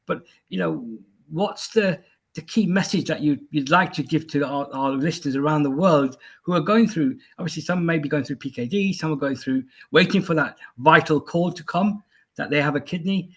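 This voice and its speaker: A man hosting a live online health talk, thanking a guest and asking her questions in halting, restarting phrases. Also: on the high side, slightly rough. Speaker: host.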